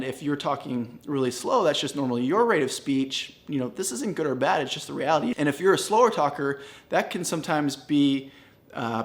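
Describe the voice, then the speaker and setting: A man standing and teaching real estate cold calling to the camera, upbeat and smiling as he talks. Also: mid-range voice. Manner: upbeat, smiling, energetic delivery. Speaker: real estate sales coach. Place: standing in a room.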